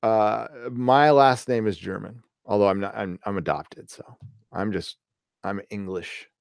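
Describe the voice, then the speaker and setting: A man's voice: fairly low pitch, a little slow, vocal fry, dry recording, clean studio sound. A middle-aged man hosting a casual live stream, rambling through stories with profanity and laughing as he reads chat. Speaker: host reading live chat.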